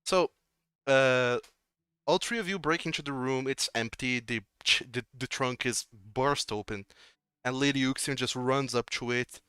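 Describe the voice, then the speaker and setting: A man's voice: mid-range voice, measured pace, sharp tone, smooth, dry recording, studio quality. A man narrating as game master of a tabletop game, loose and full of fillers.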